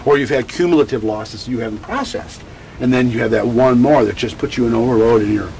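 Older man, grief educator, halting speech, many restarts, faint background noise. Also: mid-range voice, darkish tone, poor audio. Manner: halting, repeats words and restarts often. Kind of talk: candid personal storytelling in an interview.

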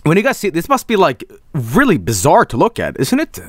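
A Swedish man, a native Swedish speaker from Sweden, streaming a game live with excitable, profane commentary and frequent laughter. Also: fairly high pitch, a little fast, dry recording.

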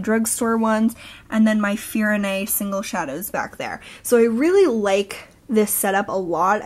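Chatty young woman vlogger. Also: mid-range voice. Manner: chatty, lots of ums and likes. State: a bit out of breath. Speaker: beauty vlogger. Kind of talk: casual show-and-tell.

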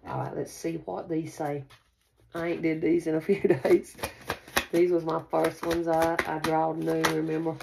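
A woman talks her viewers through a tarot reading in a loose, chatty way, repeating her reassurances. Her voice sits low and gravelly. The home recording carries clear background noise. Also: level tone, unhurried. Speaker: tarot reader. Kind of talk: casual spiritual card reading to camera.

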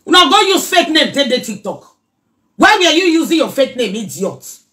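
A middle-aged Nigerian woman chatting casually in a reaction vlog, animated and scolding by turns. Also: high-pitched, moderate pace. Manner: animated, mixes pidgin and Yoruba, scolding asides. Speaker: social media commentator.

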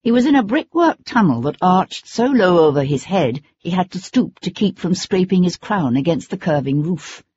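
A narrator reading an audiobook in a steady, measured way. The voice is husky and breathy. The recording sounds dull and lo-fi. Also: medium pitch. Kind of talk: scripted narration.

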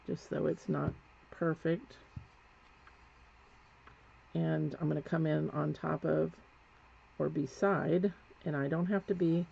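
Her voice is deep, creaky, and husky: a painting instructor chatting while she works in a live demonstration and correcting herself as she goes. The recording has a dull lo-fi quality and faint background noise.

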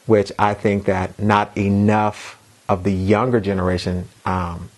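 Deep-voiced man interviewing, measured. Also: little pitch movement. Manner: frequent short affirmations, measured questions. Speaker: interview host and college teacher.

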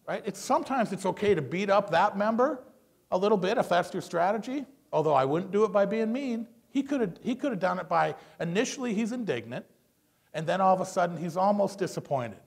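A man teaching a class on public speaking, commenting on a video in a lively way and acting out quotes with dramatized voices. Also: high-pitched, moderate pace. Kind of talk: classroom lecture analyzing a video.

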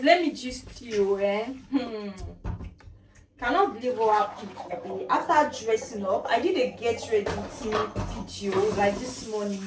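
A young woman vlogging casually from her home kitchen into a phone, telling a story in an animated, repetitive way. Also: medium pitch. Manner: chatty, animated storytelling, repeats herself. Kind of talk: casual vlog chat. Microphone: phone camera. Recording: echoey room, mic at a distance.

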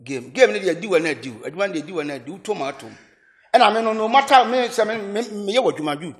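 A man with a Ghanaian accent being interviewed, talking in an animated way and often laughing. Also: high voice, racing. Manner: animated, switches between Twi and English, laughs often. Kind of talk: casual interview.

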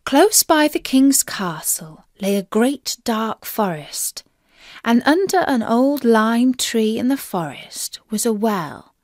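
Female storybook narrator for learners, slow and deliberate, dry close sound. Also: on the high side, big pitch swings, darkish tone, no echo.

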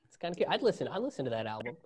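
A man's voice: medium pitch, sing-song, rapid-fire, darkish tone, a little hiss or hum. A man doing a stand-up comedy set, sarcastic and laughing at his own jokes.

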